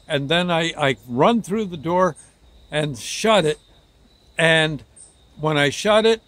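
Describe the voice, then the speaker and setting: Man, fairly high voice, casual halting anecdote teller. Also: a bit bright, no room sound. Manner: halting, rambling, restarts words often. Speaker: storyteller.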